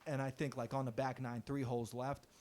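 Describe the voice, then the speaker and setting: A man's voice: medium pitch, little pitch movement, brisk, darkish tone. A man telling his caddie stories in a laid-back, wry and direct way during a casual interview. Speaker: golf caddie and guest.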